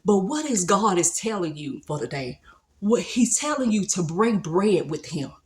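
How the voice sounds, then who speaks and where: A woman's voice: mid-range voice, sing-song, normal speed, a little mellow. A woman giving a casual devotional talk, retelling a Bible story in a colloquial, conversational way. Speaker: speaker sharing a devotional.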